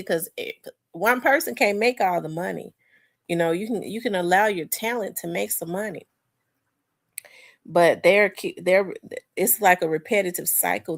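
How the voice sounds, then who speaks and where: A congested woman in her forties hosts a casual livestream and talks straight to her viewers. Her voice sits a little low, and she rambles through fillers and restarts, calling the audience y'all. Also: vocal fry. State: congested, clearing throat. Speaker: livestream host. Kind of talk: casual livestream commentary, reading chat.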